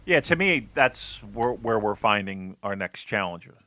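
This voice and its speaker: A man co-hosting a podcast, giving animated, opinionated takes full of repeated starts and fillers. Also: fairly low pitch, measured pace. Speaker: podcast co-host. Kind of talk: casual opinionated discussion.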